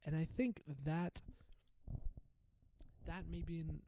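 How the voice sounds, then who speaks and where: A man's voice: a little high, slow pace, mellow, a little hiss or hum, poor audio. A young man hosting his own podcast, telling a rambling, profane comedy story with lots of restarts. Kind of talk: casual storytelling monologue.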